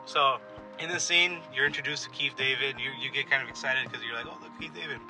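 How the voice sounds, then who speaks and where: A man's voice: mid-range voice, brisk. Laid-back, swearing podcast man over music. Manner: laid-back, swears casually, trails off mid-sentence. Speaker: podcast co-host. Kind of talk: casual chat.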